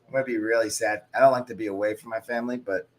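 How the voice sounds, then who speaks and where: A man's voice: fairly low pitch, steady tone. A man in his thirties from the United States, hosting a livestream and chatting casually as he reads out viewer comments. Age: 30s. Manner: chatty, reacts to chat in quick asides. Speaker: livestream host. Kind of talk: casual watch-along chat, reading viewer comments.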